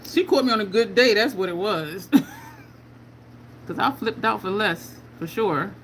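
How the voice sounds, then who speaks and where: A woman's voice: medium pitch, slow, a bit bright, slight background noise, rough recording. A middle-aged woman hosting a beauty video, chatting casually with viewers while she applies makeup and tells stories with asides. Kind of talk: casual live chat while applying makeup.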